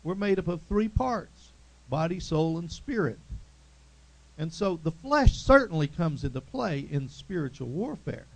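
A man's voice: a little high, expressive, a little slow, gravelly, darkish tone, poor audio. A man preaching a sermon, emphatic and repetitive, calling out to his congregation. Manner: emphatic, repeats phrases, calls out to the congregation.

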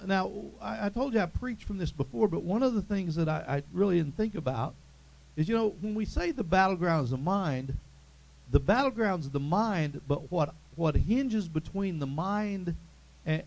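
A man's voice: sits high, expressive, normal speed, gravelly, a little mellow, poor audio. A man preaching a sermon, emphatic and repetitive, calling out to his congregation. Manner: emphatic, repeats phrases, calls out to the congregation.

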